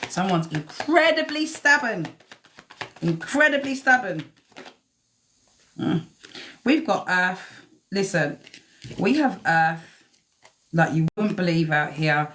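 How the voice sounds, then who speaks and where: A woman doing a live-stream tarot reading, chatty and swearing freely as she talks to the cards. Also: on the low side. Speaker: tarot reader.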